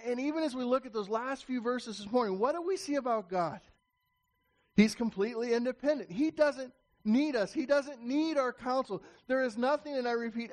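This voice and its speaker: High-voiced man preaching an emphatic sermon. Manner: emphatic, repetitive restarts, rising to call out to the congregation. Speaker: pastor.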